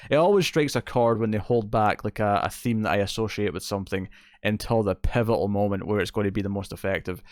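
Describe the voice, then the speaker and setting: A man's voice: fairly low pitch, smooth, no echo, clean studio sound. A man hosting a casual spoken movie review show, enthusiastic and rambling, with many fillers and restarts. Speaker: film reviewer, show host.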